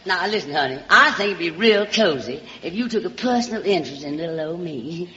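A woman's voice: fairly low pitch, lively intonation, a little fast, a bit bright. Theatrical Southern woman, old radio broadcast. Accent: Southern American. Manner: theatrical, drawling, coy, calls everyone darling. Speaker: comedy host. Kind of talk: comic monologue on a radio show. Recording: dull old radio broadcast in a reverberant hall.

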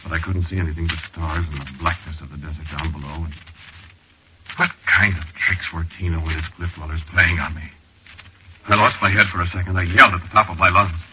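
A man's voice: deep voice, fairly even intonation, a little fast, natural voice. A man narrating a 1940s radio drama in the first person, telling a frightening dream with tense, dramatic delivery. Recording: hissy, muffled old radio recording.

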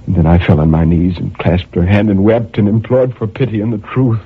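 A man's voice: deep voice, normal speed, husky. A man reading a dramatic first-person story in a brooding manner, with impassioned outbursts. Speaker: narrator. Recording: tinny narrow-band recording.

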